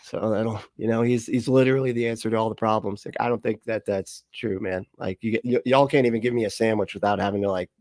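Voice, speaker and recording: A man's voice: fairly low pitch, fairly even intonation, quick pace, hardly any pauses, a little mellow, dry recording, studio quality. A man commentating on a livestream, mocking and profane, laughing often through his sarcastic remarks.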